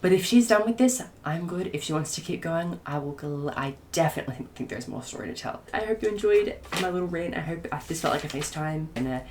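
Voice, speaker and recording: A woman with a low voice talks through a book she loves in a casual spoiler rant to camera. She gushes, trips over her own words and starts sentences again as her excitement runs ahead of her. A faint hiss sits under her voice. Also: quick pace, hardly any pauses. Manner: gushing and excitable, with many restarts. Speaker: book reviewer.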